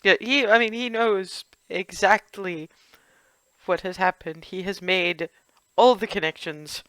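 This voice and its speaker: Bright, crisp woman running the table. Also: medium pitch, no room sound. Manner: amused, halting, with frequent restarts. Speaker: game master. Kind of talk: narrating a tabletop game.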